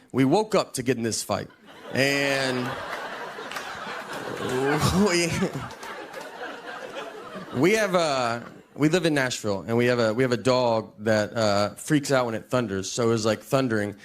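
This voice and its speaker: A man performing a stand-up comedy set, telling stories in a laid-back deadpan way before a live audience. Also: mid-range voice, slight background noise.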